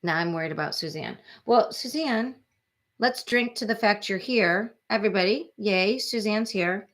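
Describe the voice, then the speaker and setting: A woman's voice: medium pitch, moderate pace, a bit bright. A woman in her forties hosting a true crime livestream, chatting casually and rambling sympathetically as she reads viewer comments.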